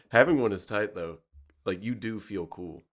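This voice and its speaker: A laid-back man with a fairly low voice joins a casual comedy podcast chat. He laughs often and adds short quips. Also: fairly bright tone. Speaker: podcast co-host.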